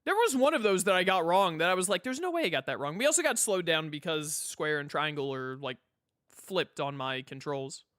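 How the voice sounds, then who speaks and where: A gaming YouTuber casually commenting while playing, quickly guessing and joking at himself. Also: mid-range voice, expressive, a bit bright, no echo, clean studio sound. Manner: quick guessing, self-mocking asides. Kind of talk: casual let's-play commentary. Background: game music.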